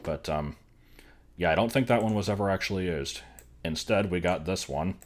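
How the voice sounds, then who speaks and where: A man's voice: sits low, normal speed, a little hiss or hum. A man streaming, giving dry, offhand, rambling commentary. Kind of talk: casual live-stream commentary.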